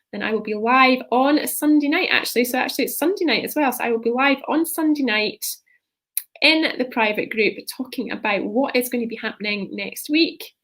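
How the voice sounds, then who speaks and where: Woman, leadership coach, live stream talk, rambling, keeps asking "right?", fairly high voice. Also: fairly bright tone. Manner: rambling, tags sentences with "right?".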